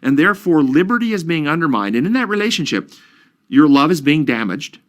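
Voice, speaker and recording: A man's voice: a little high, sing-song, fairly quick, fairly bright tone. A man counseling and explaining ideas earnestly in an interview, using examples and questions. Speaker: counselor guest.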